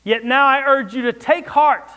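High-voiced man preaching a sermon. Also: normal speed, smooth. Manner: expressive preaching, rising and dropping for emphasis. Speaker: pastor.

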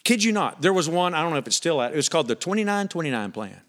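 A male preacher with a somewhat high voice delivers an animated sermon in a church. He punches his loud lines hard and then falls quiet and earnest. His delivery is emphatic throughout. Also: rapid-fire.

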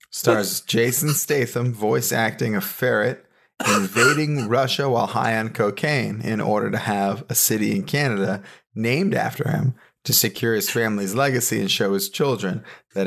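A man's voice: lowish voice, normal speed, gravelly, fairly bright tone. A man hosting a comedy podcast, asking dry, quizzical questions and recapping the bit in casual banter. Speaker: podcast host.

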